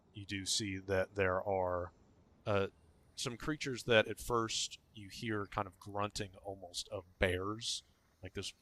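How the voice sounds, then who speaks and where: A man narrating a tabletop game as game master, halting and full of fillers, slowing down on key words. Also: low voice, a bit bright.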